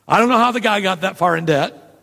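A man's voice: high-pitched, brisk, vocal fry, sharp tone. A man preaching a sermon in a conversational way, with asides and quoted dialogue. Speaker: pastor. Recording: long hall reverb.

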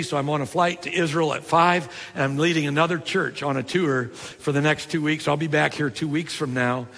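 An older man preaching a sermon, telling stories in a conversational way and dropping low and soft for tender points. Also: in a large hall. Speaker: pastor.

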